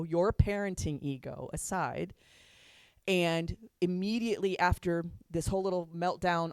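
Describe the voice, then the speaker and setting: A woman's voice: on the low side, darkish tone, clean tone, no room sound, clean studio sound. A woman counselor giving a chatty talk on parenting to an audience, laughing often as she makes her points.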